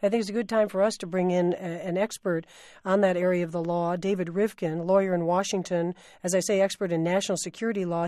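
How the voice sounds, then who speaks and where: A woman's voice: lowish voice, dark tone, no room sound, studio quality. A woman hosting a radio interview, asking probing questions and often repeating words as she phrases them. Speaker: radio host. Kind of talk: broadcast interview.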